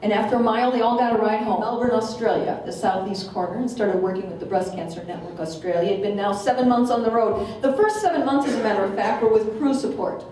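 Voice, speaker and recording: A woman's voice: on the high side, fast, few pauses, slight background noise. American woman telling a story in an echoey hall. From Minnesota, USA. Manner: lively and humorous, acts out quotes. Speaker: guest speaker. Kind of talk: storytelling speech. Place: meeting hall. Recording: echoey hall, distant mic.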